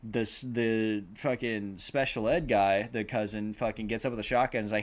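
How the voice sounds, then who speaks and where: A man's voice: medium pitch, fairly even intonation, normal speed, few pauses. A man on a podcast rambling through a film plot, swearing freely and acting out the characters' lines. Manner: rambling, swears a lot, acts out quotes. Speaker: podcast host. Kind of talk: casual movie recap.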